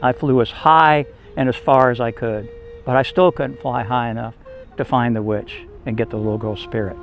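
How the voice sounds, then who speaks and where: A man voicing a tired, defeated male eagle in a storybook tale, speaking slowly and sorrowfully. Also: medium pitch, fairly even intonation, vocal fry, soft background music, close to an everyday voice, low-quality recording. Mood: apologetic.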